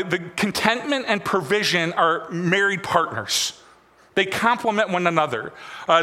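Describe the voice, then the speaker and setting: A man preaching a sermon as pastor, repeating phrases in a rhythmic build and dropping his voice soft at key lines. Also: high-pitched. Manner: repetitive, rhythmic preaching with sudden soft drops. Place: church sanctuary. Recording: long reverb of a large hall.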